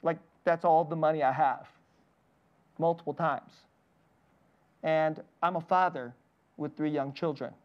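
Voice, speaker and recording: A man's voice: a little high, fairly even intonation, a little slow, pauses often, lo-fi sound. A man in his thirties, a pastor, preaching a sermon and telling personal stories, often laughing lightly between lines. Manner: personal storytelling with frequent laughs.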